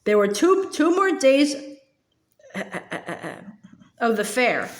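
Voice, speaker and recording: A woman's voice: on the high side, very animated, unhurried, roomy sound. A woman reading a children's novel aloud. Her reading is hesitant, with frequent filler sounds and stumbles. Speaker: storybook reader.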